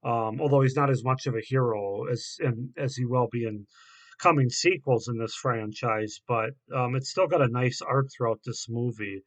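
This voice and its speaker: Man giving a halting casual film review. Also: medium pitch, a bit bright. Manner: halting, many fillers and restarts. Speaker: horror movie reviewer.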